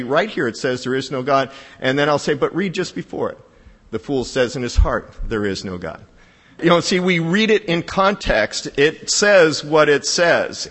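A man preaching a sermon in a conversational style, building to emphatic, higher-pitched peaks. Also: a bit bright, in a large hall. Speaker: pastor.

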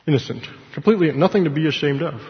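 A man's voice: on the high side, very fast. A man teaching scripture informally, conversational, with asides and self-corrections. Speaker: Bible study teacher. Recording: echoey hall, dull lo-fi sound.

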